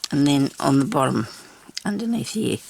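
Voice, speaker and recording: Older woman, craft host, heavy gravel and husky tone, rambling self-talk while she works at home. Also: extremely low pitch, very animated, normal speed, a little mellow. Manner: rambling, talks to herself while working. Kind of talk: casual crafting chat.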